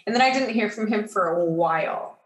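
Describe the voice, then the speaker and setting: A woman's voice: medium pitch, fairly quick. Chatty woman telling a story, roomy echo. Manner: animated, filler-heavy, acts out quoted dialogue. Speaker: guest. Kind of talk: casual storytelling in a podcast chat.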